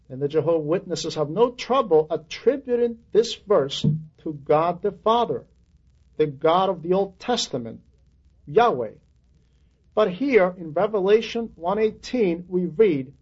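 Slow, husky high-voiced male preacher. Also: expressive, darkish tone, dull audio. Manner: earnest, quotes scripture with rising emphasis. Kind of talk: sermon on scripture.

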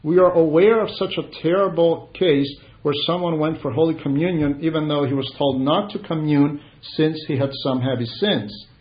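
Man, preacher, earnest measured sermon, slightly high voice, dull lo-fi sound. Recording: dull lo-fi recording.

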